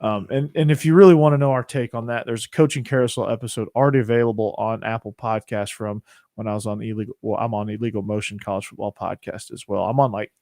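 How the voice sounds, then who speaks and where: A man's voice: fairly low pitch, steady tone, quick pace, a little mellow, dry recording, studio quality. A young man hosting a podcast, giving opinions in a rambling, casual way. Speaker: podcast host. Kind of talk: casual chat.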